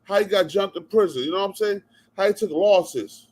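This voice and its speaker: A vlog commentator from New Jersey delivers a profane, heated rant to camera, repeating himself and cutting in with "yo" and "bruh". His voice is high-pitched and a little mellow, and he talks briskly.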